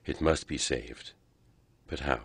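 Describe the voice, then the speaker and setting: Very deep male documentary narrator. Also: slow pace, husky, dry recording. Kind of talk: scripted narration.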